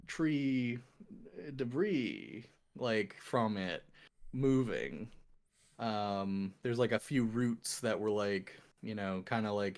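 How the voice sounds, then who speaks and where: Man, game master, slow, halting, full of fillers, mid pitch. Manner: hesitant, many fillers and restarts. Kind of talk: describing scenes in a tabletop game.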